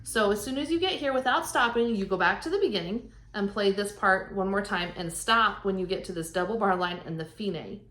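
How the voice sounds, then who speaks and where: A woman's voice: mid-range voice, fairly quick, few pauses, fairly bright tone. Patient woman teaching violin in echoey room. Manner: patient, plain step-by-step explaining with counting aloud. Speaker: strings teacher. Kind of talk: instructional explanation. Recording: echoey room, faint background noise.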